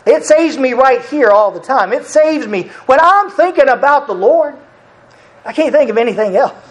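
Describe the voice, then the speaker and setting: A preacher giving an earnest, repetitive sermon, often breaking into soft chuckles. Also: high-pitched, expressive, moderate pace, rough recording.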